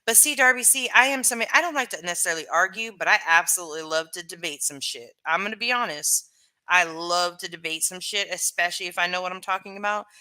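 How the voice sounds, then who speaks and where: A woman's voice: fairly low pitch, fast, sharp tone. A young woman hosting a casual livestream, reading chat and rambling frankly with lots of "like" and "you know".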